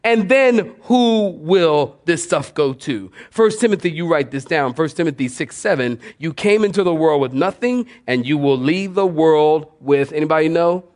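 Older pastor preaching with folksy energy. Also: male voice, a little high, moderate pace, few pauses. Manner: animated preaching with audience call-outs; folksy, conversational. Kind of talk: sermon.

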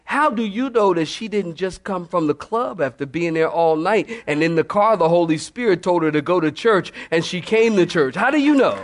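Animated pastor preaching, fairly high voice. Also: male voice, moderate pace, hardly any pauses. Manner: animated, storytelling, laughing asides. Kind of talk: sermon.

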